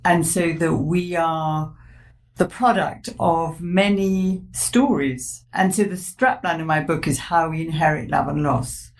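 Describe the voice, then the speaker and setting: A woman with a fairly low voice speaks in a measured, reflective way. She is a psychotherapist discussing ideas in a warm conversation and laughs easily. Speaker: psychotherapist and author guest.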